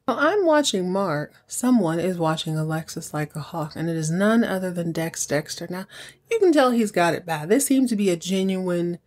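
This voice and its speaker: Woman, podcast host, casual recap, slightly low pitch, animated, playful. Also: normal speed. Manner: animated, acts out characters' lines with voices.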